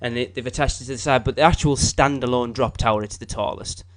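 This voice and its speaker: Excitable rambling male podcast co-host. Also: fast. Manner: excitable, rambling, jumps to high pitch when worked up. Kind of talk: casual chat.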